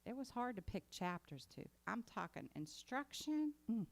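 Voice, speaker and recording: A woman's voice: a little high, very animated, moderate pace, creaky. A woman preaching a sermon in a conversational way that builds to emphatic exhortation. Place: congregation meeting hall.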